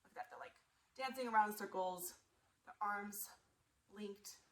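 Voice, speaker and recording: A woman museum storyteller reading a picture book aloud to children, animated and asking them questions. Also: mid-range voice, normal speed, rough recording.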